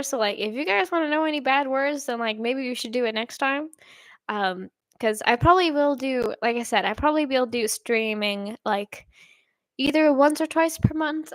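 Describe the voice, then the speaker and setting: A woman's voice: a little high, fairly bright tone, dry recording, studio quality. A nineteen-year-old woman whose first language is Swedish, chatting casually on a livestream in a hesitant, rambling way, with many fillers and restarts. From Sweden. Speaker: streamer.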